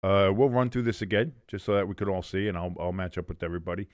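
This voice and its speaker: A man hosting a casual sports preview, running through his picks in an animated, jokey, chatty way. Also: deep voice, fast talker, no room sound. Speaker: sports show host.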